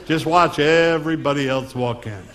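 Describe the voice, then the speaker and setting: A man's voice: fairly high pitch, moderate pace, noisy background. A man from Long Island doing a stand-up comedy magic act, wisecracking patter on stage before a live audience. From Long Island, New York.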